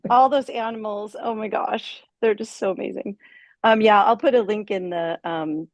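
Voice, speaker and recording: A woman's voice: mid-range voice, moderate pace, no echo. A woman on a video call, talking casually with light fillers about sharing her song. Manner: friendly, laughing, slightly hesitant. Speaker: musician sharing her song in an online meeting.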